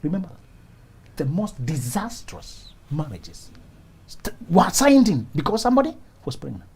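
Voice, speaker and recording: A man with a husky, mellow voice hosts a studio advice show. His pitch swings widely as he talks. He laughs often, acts out little scenes and repeats his points for emphasis. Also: huge pitch swings, moderate pace. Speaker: relationship talk show host.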